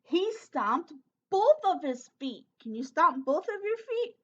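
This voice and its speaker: A woman teacher reading a picture book aloud to children, pausing to ask them questions and prompt them to act along. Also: very high-pitched, big pitch swings, a bit bright, lo-fi sound. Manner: interactive, asks children questions. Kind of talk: storybook read-aloud for children.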